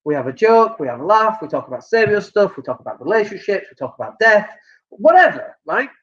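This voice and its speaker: Northern english guy ranting blunt business tips, high husky voice, dull lo-fi sound. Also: fairly quick. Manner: blunt, joking, animated. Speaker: business coach. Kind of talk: live-streamed advice talk.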